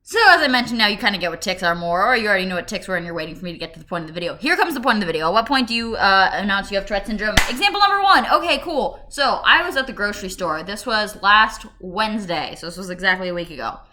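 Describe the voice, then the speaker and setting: A woman's voice: medium pitch, expressive, very fast, few pauses. Chatty young woman telling tic stories. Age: 20s. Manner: chatty, self-mocking, with sudden shouted tics. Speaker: vlogger. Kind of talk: casual storytelling monologue. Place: home room.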